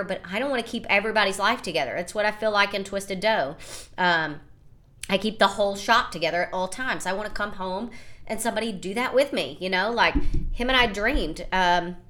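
A woman's voice: mid-range voice, sharp tone. A woman hosting her own podcast, talking candidly and emotionally in a rambling casual monologue full of fillers. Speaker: podcast host and small business owner.

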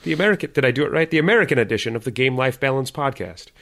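A man's voice: medium pitch, lively intonation, racing, hardly any pauses, a bit bright. A man co-hosting a podcast in casual chat, talking animatedly and laughing easily. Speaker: podcast co-host.

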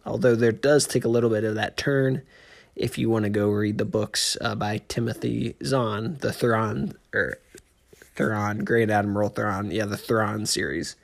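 A man hosting a casual solo podcast, talking in a rambling, excitable way with frequent restarts. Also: fairly low pitch, measured pace, creaky. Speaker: podcast host.

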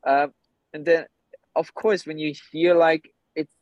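A man's voice: on the high side, steady tone, a little slow, dry recording, dull audio. A man whose first language is German, a podcast guest, who talks emphatically and bluntly and swears often. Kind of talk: candid podcast conversation.

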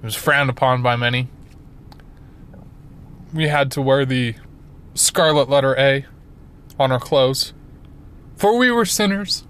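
Man, 20s, comic storyteller: unhurried, animated, self-mocking swagger. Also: mid-range voice, clear, resonant tone. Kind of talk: comedic storytelling to camera.

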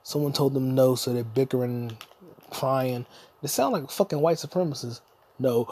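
Husky man ranting, crude and rambling. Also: mid-range voice, lively intonation, moderate pace, mellow, no echo. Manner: profane, rambling, jokey, sings snatches. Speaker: podcast host. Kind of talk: solo podcast rant.

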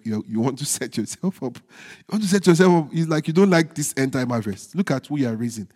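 A male pastor preaching a sermon, stressing phrases slowly and dropping into low, quiet teasing asides to the congregation. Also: lively intonation. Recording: long hall reverb.

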